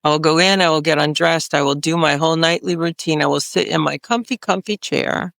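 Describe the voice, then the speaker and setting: A woman's voice: sits low, steady tone, brisk, gravelly, fairly bright tone, no echo, clean studio sound. A woman clinician on a health panel, speaking emphatically and repeating phrases for stress. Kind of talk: panel discussion.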